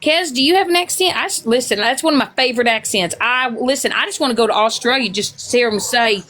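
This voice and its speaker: Excitable high-voiced woman hosting a stream. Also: quick pace. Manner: loud, excitable, crude, teasing. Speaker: live stream host. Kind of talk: casual live stream chat.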